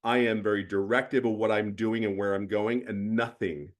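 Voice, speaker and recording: A man's voice: lowish voice, fairly even intonation, normal speed. A middle-aged man giving a blunt, preachy motivational mentoring talk as guest host, with emphatic bursts.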